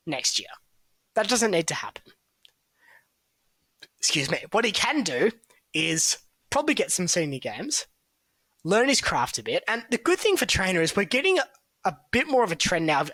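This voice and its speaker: Bright-voiced man. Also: on the high side, dry recording. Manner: chatty, analytical, hedging with fillers. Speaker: football draft analyst, co-host. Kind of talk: casual podcast chat.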